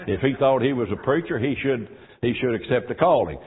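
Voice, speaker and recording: A man preaching a sermon. He moves between quiet, folksy asides and loud, fervent exhortation. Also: medium pitch, lively intonation, brisk, slightly rough. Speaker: pastor. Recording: tinny phone-like audio.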